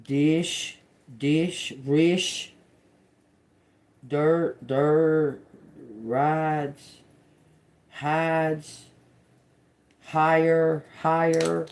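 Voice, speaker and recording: A woman doing a live-stream tarot reading, musing slowly and repeating words as she reads them out, casual and given to swearing and laughing with viewers. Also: deep voice, little pitch movement, darkish tone, a little hiss or hum. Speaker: tarot reader.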